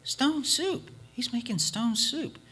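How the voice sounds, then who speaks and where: A man voicing an excited little village girl who insists on the wonder of the stone soup. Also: very high voice, slow pace, husky, voice pushed up, full character voice.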